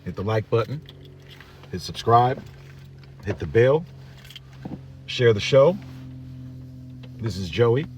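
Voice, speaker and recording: Animated man ranting as a show host. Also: mid-range voice, takes it slowly, pauses often, slight background noise. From United States. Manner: blunt, slangy, ranting. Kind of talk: opinion commentary monologue.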